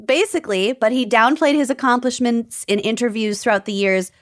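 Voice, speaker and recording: A woman's voice: fairly high pitch, fairly quick, dry recording, clean studio sound. A young adult woman co-hosting a podcast, reading out a story with quotes and adding chatty asides. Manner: reads facts and quotes, then adds chatty asides. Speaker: podcast co-host.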